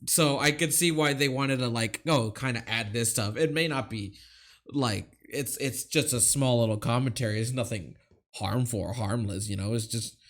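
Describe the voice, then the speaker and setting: A man's voice: mid-range voice, moderate pace, fairly bright tone. A man co-hosting a casual movie review podcast, hesitant and rambling with many fillers. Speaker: podcast co-host.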